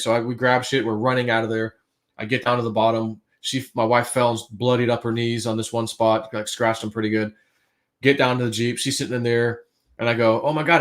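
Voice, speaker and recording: A man on a livestream telling a story casually, acting out his own quotes and swinging between hushed and loud. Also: medium pitch. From United States.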